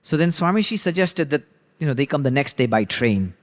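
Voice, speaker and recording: A man's voice: fairly high pitch, a little fast. A man telling a story in a reverberant hall. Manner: conversational, relaxed retelling with frequent 'you know'. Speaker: religious class teacher. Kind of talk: storytelling lesson.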